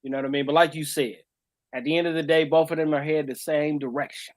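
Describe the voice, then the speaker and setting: A man's voice: a little high, fairly even intonation, quick pace, dry recording. A man co-hosting a casual podcast with an American accent, joking and laid-back, peppering his talk with "you know what I'm saying.". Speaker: podcast co-host. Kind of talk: casual chat.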